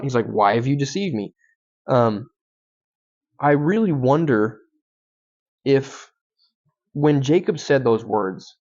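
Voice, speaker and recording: A young adult man teaches through a Bible passage as a guest speaker, talking it over casually with plenty of ums and self-corrections. His voice sits at a medium pitch, and the recording is somewhat dull and lo-fi. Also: darkish tone. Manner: conversational, frequent ums and restarts. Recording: dull lo-fi sound.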